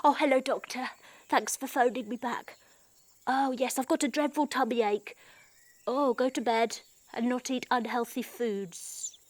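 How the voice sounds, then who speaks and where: A woman voicing a hungry male caterpillar with a tummy ache, chatting quickly and politely on the phone in a kids' story. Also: a little high, steady tone, no echo. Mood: sorry for himself.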